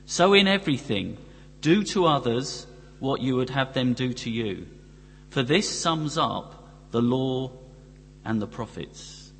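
Preacher with a long hall echo. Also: male voice, mid-range voice, animated, takes it slowly, vocal fry, a bit bright. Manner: rhetorical questions to the congregation. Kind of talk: sermon. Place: church. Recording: long reverb from a church hall, faint hum.

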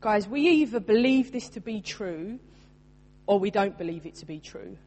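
A woman in her thirties delivers a sermon, earnest and personal, leaning hard on key lines. Her mid-pitched voice carries a long reverb, as if she is speaking in a large church hall. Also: animated, normal speed, a little mellow. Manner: earnest, personal, emphatic preaching. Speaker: preacher.

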